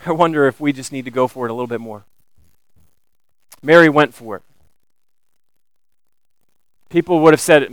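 A man preaching a sermon, animated and building to emphatic questions. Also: medium pitch, moderate pace, pauses often, smooth, dry recording, rough recording. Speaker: pastor.

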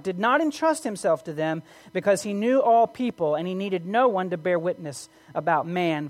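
A woman preaching a sermon, earnest, reading scripture aloud and posing rhetorical questions to the congregation. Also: mid-range voice.

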